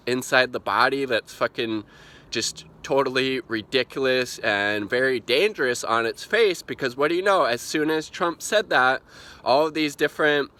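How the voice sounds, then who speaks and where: A man's voice: medium pitch, bright, forceful tone. A man giving an exasperated, rambling video rant, cursing often and filling his talk with "you know". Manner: exasperated, profane, rambling with many fillers. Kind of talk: ranting video commentary.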